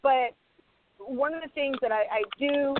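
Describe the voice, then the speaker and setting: A woman's voice: sits high, a little slow, very noisy. Passionate woman on a tinny line. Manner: passionate, animated, acts out quoted dialogue. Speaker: screenwriter and panelist. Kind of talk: panel discussion. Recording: tinny phone-line sound, dry.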